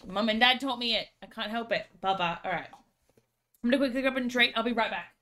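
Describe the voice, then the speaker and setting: A woman's voice: fairly high pitch, a little fast, fairly bright tone. A woman with an Australian accent, streaming and chatting casually with viewers, playful, laughing often and baby-talking to her dog.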